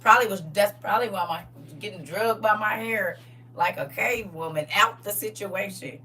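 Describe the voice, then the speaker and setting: Bright, animated woman telling stories. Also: medium pitch, normal speed, far from the mic, slight background noise, low-quality recording. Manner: animated, dramatic, laughing often. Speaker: live show host, mother. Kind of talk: comedic storytelling testimony.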